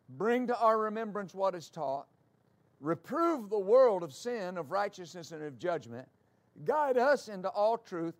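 A middle-aged male pastor preaching a sermon, moving from calm scripture teaching to loud, fervent exclamations. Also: sits high.

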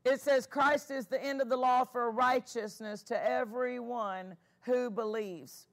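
A woman's voice: on the high side, steady tone, measured pace. A woman pastor preaching a sermon, emphatic and repeating key phrases, asking the congregation for amens.

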